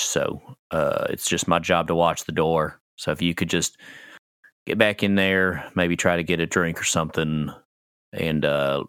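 A big, blunt club bouncer, as a man voices him in a tabletop game, deep and speaking plainly. His talk is casual and halting, and the sound is dry and close. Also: a bit bright, smooth, no echo. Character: burly male night club bouncer, blunt.

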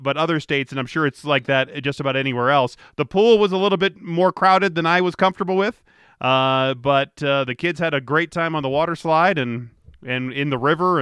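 A man's voice: fairly high pitch, fairly bright tone, clean tone, dry recording, studio quality. Rambling man hosting a podcast. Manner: rambling, with frequent restarts. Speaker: podcast host and traffic reporter. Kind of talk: casual podcast chat.

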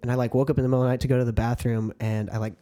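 A man's voice: medium pitch, little pitch movement, very fast, warm tone. A young man co-hosting a podcast, chatting casually, laughing easily and swearing often. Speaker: podcast co-host. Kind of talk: casual chat, storytelling.

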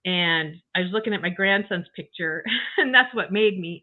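A woman's voice: medium pitch, a little fast. An older woman telling her health story in a chatty, emotional way as an interview guest, full of restarts and asides. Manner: chatty, emotional, frequent you-knows and restarts. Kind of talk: casual personal story. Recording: tinny phone-like call audio.

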